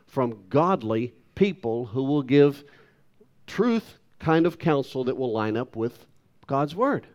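A man's voice: medium pitch, lively intonation, takes it slowly, darkish tone, lo-fi sound. A male pastor giving a sermon, talking emphatically and putting rhetorical questions to the congregation.

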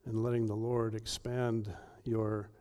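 A male pastor preaching an earnest sermon with emphatic delivery and dramatic pauses. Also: on the low side, level tone, warm tone.

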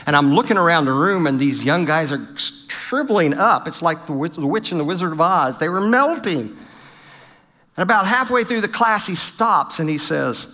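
A man's voice: on the high side, expressive, moderate pace, sharp tone. A middle-aged man giving a humorous church talk on marriage, telling stories with self-deprecating jokes and acting out the quotes. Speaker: pastor.

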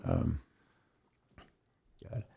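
A man co-hosting a podcast in casual chat, dry in manner, running a quiz while sounding a little sick. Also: crowd noise. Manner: dry, runs a quick quiz game. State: sick, slightly choked voice. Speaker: podcast co-host.

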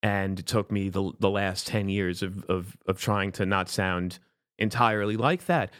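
A man's voice: deep voice, measured pace, fairly bright tone, no room sound, studio quality. A young man from Florida in casual chat, talking emphatically and ranting with rising indignation. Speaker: conversation partner.

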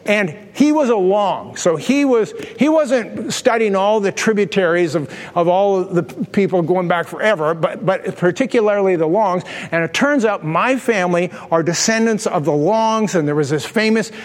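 A man preaching as pastor, telling a humorous story with animated delivery. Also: high-pitched, normal speed, hardly any pauses, long reverb tail. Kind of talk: storytelling sermon.

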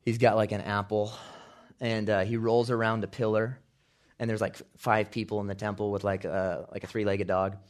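A man preaching a sermon, building from calm storytelling to loud, shouted climaxes. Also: lowish voice, moderate pace. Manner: preaching with big swells, shouting quotes at climaxes. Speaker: pastor.

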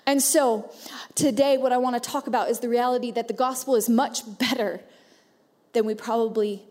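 A woman's voice: fairly high pitch, moderate pace. A woman in her thirties preaching a sermon in a church auditorium, playful and joking with the congregation. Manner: playful, joking, animated asides. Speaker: pastor. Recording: reverberant church hall.

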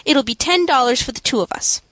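A woman's voice: high-pitched, expressive, a little fast, a bit bright, no room sound. A woman reading the part of a generous former street boy who talks eagerly in slang.

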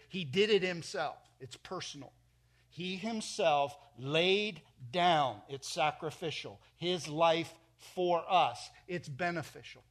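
A middle-aged man preaching a sermon in a church, emphatic, swinging between loud and soft. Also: high voice. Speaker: pastor.

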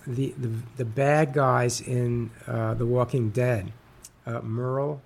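A man being interviewed as an author guest, speaking haltingly with many fillers and restarts. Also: mid-range voice, fairly even intonation, vocal fry, darkish tone. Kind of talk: interview conversation.

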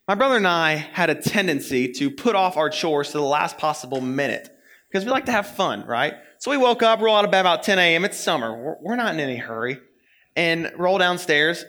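Young guy preaching, high bright voice, tells stories in a playful animated way. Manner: animated storyteller, playful and quick. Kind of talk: sermon with personal story.

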